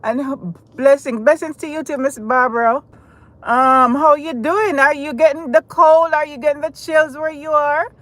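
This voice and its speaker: A woman's voice: high-pitched, steady tone, normal speed, a bit bright, no echo, poor audio. A woman with a Jamaican accent hosting a casual live stream from her car, talking straight to her viewers. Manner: chatty, addresses viewers directly. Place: in a car while driving. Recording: car and road noise.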